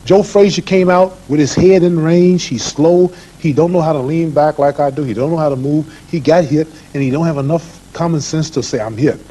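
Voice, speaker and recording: A boxing champion lecturing and boasting in an old TV interview, with a preachy, rhythmic way of talking. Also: male voice, on the high side, steady tone, fairly quick, hardly any pauses, dark tone, muffled recording. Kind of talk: archival TV interview talk. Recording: hissy old archive TV recording.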